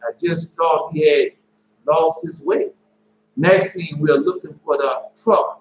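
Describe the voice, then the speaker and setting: A man recounting his dreams in a casual, rambling way, halting often and repeating and correcting himself as he goes. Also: a little high. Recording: roomy, dull lo-fi with faint hum.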